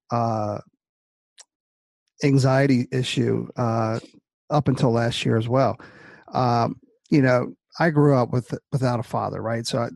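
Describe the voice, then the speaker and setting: A middle-aged man with a gravelly, fry-edged voice speaks in a reflective, measured way. The sound is close and dry, with no room around it. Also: mid-range voice, a little mellow, no echo. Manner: reflective, measured, hesitant fillers. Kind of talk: conversational interview.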